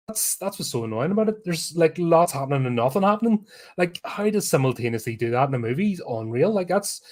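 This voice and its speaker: A man's voice: on the high side, darkish tone. A man with a Belfast accent, hosting a podcast, giving a blunt, sarcastic, sweary film review rant. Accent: Northern Irish, Belfast.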